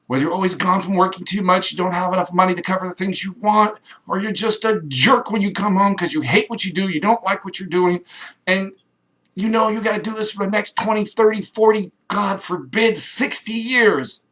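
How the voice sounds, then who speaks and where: A middle-aged man from Kansas in a rambling, enthusiastic direct-to-camera pitch, acting out little quoted voices. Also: fairly quick, bright, forceful tone. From Kansas, USA. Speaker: home business promoter.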